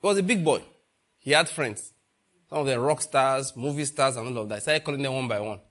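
A man's voice: mid-range voice, a little fast, a bit bright. A man preaching a sermon, asking the congregation rhetorical questions and repeating phrases for emphasis.

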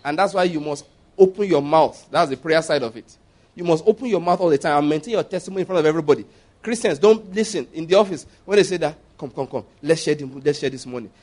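Nigerian pastor preaching, chatty and lively. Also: male voice, fairly high pitch, fast. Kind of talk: sermon at a Bible study.

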